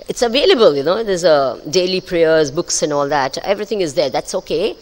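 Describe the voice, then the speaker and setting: Lively spiritual teacher woman in a hall. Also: lowish voice, a little fast, hardly any pauses. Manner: questions the audience often, laughs between points. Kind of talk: spiritual discourse to a live audience. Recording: long hall reverb.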